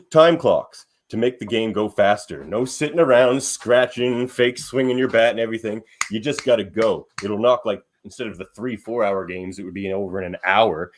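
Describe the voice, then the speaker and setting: A man's voice: on the low side, slight background noise. A man arguing bluntly in a casual comedy debate podcast, peppering his talk with "like" and dismissing the other answers. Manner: blunt, dismissive, filler 'like' often.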